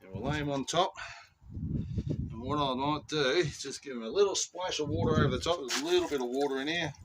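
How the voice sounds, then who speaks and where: A relaxed Australian man talks his way through a backyard job, easygoing and full of slang. His voice sits a touch higher than most men's. He is picked up from a few steps off the mic, with steady noise behind him. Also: a little fast. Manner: laid-back, chatty, slangy. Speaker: channel host. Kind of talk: casual outdoor vlog. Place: outdoors at home garden. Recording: distant mic with clear background noise.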